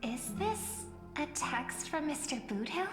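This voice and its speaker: A woman's voice: sits high, lively intonation, slow. An actress voicing an earnest, idealistic young woman in a video game, who speaks in a sincere, persuasive way. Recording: reverberant game audio over faint music.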